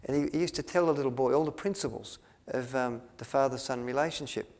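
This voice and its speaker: A man's voice: mid-range voice, fast talker, a little mellow. A man telling a story to an audience, rambling with many restarts and fillers. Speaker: speaker at a health retreat.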